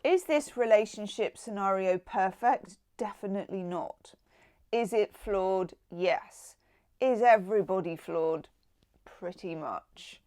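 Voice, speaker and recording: A woman's voice: mid-range voice, slow, darkish tone. A middle-aged woman chatting casually through a tarot card reading, with exclaimed asides. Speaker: tarot reader.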